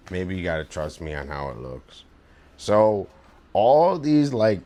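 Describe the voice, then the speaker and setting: A young man talks casually as he draws, wandering through a story with plenty of fillers and swearing. His voice sits low. He speaks slowly and never rushes. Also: mellow. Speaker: streamer and artist. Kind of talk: casual chat while drawing. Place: home room.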